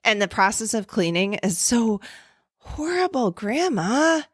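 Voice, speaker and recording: A woman's voice: a little high, sing-song, a little slow, slightly rough, dry recording, studio quality. Rambling, jokey woman podcast co-host. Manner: rambling and jokey, swears casually. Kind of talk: casual chat.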